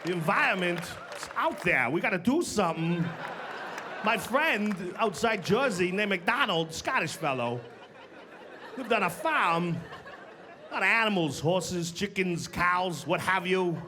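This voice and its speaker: Male stand-up comic, fairly high voice, punchy playful delivery, live club mic, loud crowd laughing. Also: animated, unhurried, background noise. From Canada. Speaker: stand-up comedian. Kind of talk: stand-up comedy set. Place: comedy club stage with live audience.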